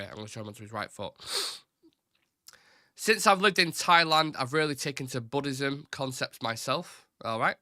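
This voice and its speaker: A man hosting a fan live stream, talking in a loose, rambling way with firm opinions and casual swearing. His voice is bright and forward. The sound is dry and close to the mic, with no room around it. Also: mid-range voice, no room sound. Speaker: host of a football fan show.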